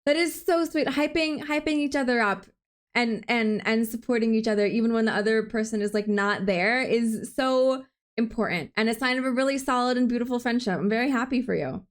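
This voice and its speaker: High-voiced young woman streamer. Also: brisk. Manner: rambling, laughs often. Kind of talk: casual chat while gaming.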